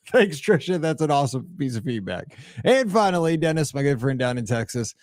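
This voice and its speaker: A man's voice: medium pitch, very animated, moderate pace, no echo, studio quality. A man in his forties hosting a solo podcast, chatty and sentimental, rambling through feedback and memories. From Midwest of the US. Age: 40s. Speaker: podcast host.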